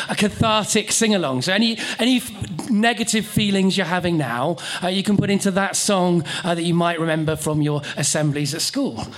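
High-pitched man compering a comedy night. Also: fairly bright tone. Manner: chatty, rambling, stumbling over words. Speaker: host of a comedy night and podcast. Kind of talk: casual live compering. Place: small live comedy venue.

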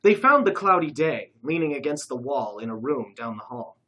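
Lively, bright-toned story narrator. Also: medium pitch, moderate pace, poor audio. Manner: lively, expressive reading.

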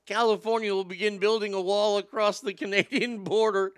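A man's voice: sits high, fairly even intonation, a little fast, clear, resonant tone, dry recording. A man hosting a crude, sarcastic political commentary show, swearing and mocking as he reads the news. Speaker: show host.

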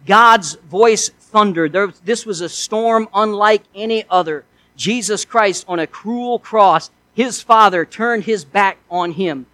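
A man's voice: sits high, slow pace, bright, forceful tone, dry recording, poor audio. A male pastor preaching a sermon in an earnest way, asking his listeners one rhetorical question after another.

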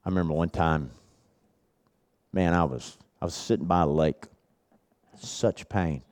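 A middle-aged man preaching at a men's retreat, telling a personal story with earnest repetition, dropping his voice low and then building it back up. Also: measured pace, darkish tone. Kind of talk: sermon.

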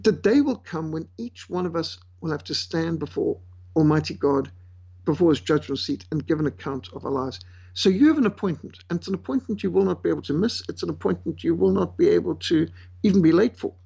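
A man preaches with an emphatic delivery, drawing out words he wants to stress. His fairly high voice is gravelly and husky. The recording sounds dull and lo-fi. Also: big pitch swings, brisk, dark tone. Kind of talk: sermon.

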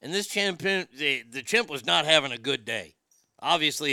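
A man spins crude comic stories with a blunt, profane drawl. His voice is bright and smooth, a little higher than most men's. The recording is close and dry. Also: lively intonation, moderate pace, no echo. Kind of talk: casual comedic storytelling.

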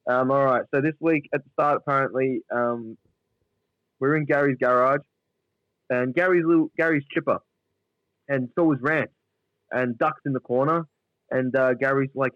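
A man's voice: medium pitch, steady tone, moderate pace, pauses often, dry recording, muffled recording. Rambling profane Australian man. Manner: rambling, profane, acts out voices in retelling. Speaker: podcast co-host. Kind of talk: crude casual banter.

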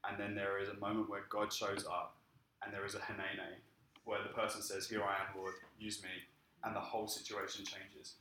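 A man preaching a sermon and telling his own story in a lively way. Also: on the low side, normal speed, reverberant, slight background noise, poor audio. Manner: lively storytelling, acting out quoted speech. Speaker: pastor. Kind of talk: sermon with personal testimony.

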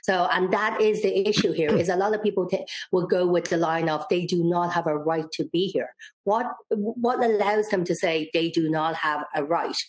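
A woman's voice: fairly low pitch, normal speed, a little mellow, rough recording. A woman in a debate clip, earnest and arguing her point.

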